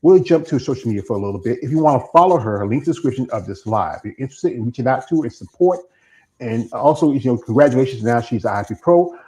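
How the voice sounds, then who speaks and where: A man's voice: mid-range voice, lively intonation, quick pace, mellow, poor audio. A man hosting a live streamed interview, talking in a rambling, chatty way that often stops and starts over. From American South. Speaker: podcast host. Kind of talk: casual interview chat.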